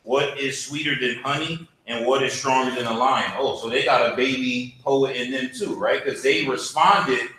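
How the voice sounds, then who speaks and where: At a moderate pace with hardly any pauses, a man with a pushed, bright mid-range voice teaches a church Bible class. He's relaxed and chatty, regularly asking the class questions, and the audio carries strong echo plus a faint hum.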